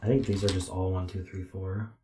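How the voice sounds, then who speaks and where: A tired man thinking aloud as he solves a puzzle on a stream, slowly counting digits under his breath. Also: low voice, little pitch movement, echoey room, noisy background. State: tired, yawning. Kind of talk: thinking aloud while solving.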